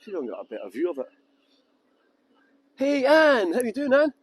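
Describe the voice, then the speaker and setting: A man's voice: very high voice, huge pitch swings, fairly quick. Chatty Scottish man guiding a live tour. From Scotland. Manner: chatty and jokey, greets viewers by name, breaks into song. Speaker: live-stream tour guide. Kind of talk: casual walking tour commentary. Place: outdoors at a harbour ferry terminal.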